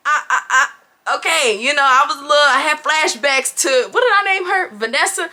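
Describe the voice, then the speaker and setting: High, bright-voiced chatty woman. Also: fairly quick. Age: 20s. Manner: animated, chatty, talks straight to viewers with slang. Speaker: vlogger. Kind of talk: casual storytime chat. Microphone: on-camera mic.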